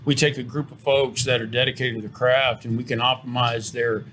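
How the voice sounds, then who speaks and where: Middle-aged guy selling his company in an interview, earnest, keeps restarting words, ordinary pitch, faint hiss. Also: flat delivery, brisk, fairly bright tone. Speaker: trucking company owner, interview guest. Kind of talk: promotional interview talk.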